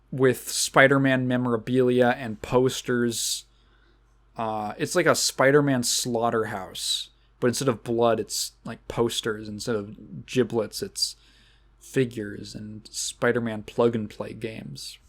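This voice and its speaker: A man with a voice of ordinary middle pitch hosts his podcast, picking apart a movie in a loose, casual rant. He rambles and stumbles through restarts, and his delivery stays dry and sarcastic throughout. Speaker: podcast host.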